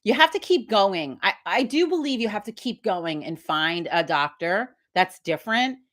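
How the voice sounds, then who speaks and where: A woman's voice: medium pitch, animated, moderate pace, a bit bright. A woman hosting a casual live stream, telling a story bluntly and animatedly with a lot of swearing. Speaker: livestream host.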